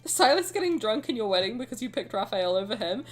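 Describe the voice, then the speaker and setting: A woman's voice: a little high, big pitch swings, quick pace, few pauses. A woman streamer chatting and joking casually while reading game dialogue aloud. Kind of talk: casual gaming commentary. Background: faint game music.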